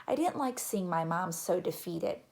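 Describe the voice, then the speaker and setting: A woman narrating a children's chapter book in a gentle, even reading voice. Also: lowish voice, moderate pace. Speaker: audiobook narrator. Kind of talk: storybook narration.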